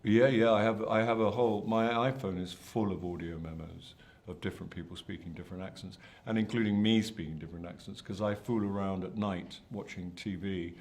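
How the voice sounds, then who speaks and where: A man's voice: deep voice, steady tone, fairly quick, hardly any pauses, darkish tone. An older man, an actor answering interview questions in a hesitant, self-deprecating way with many restarts. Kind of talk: press junket interview.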